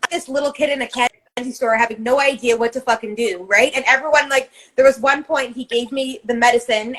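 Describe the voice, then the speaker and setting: Podcast lady, kinda high voice, blunt, swears a lot, acts out her own inner voices. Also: a bit bright, rough recording. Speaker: podcast co-host. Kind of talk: casual chat.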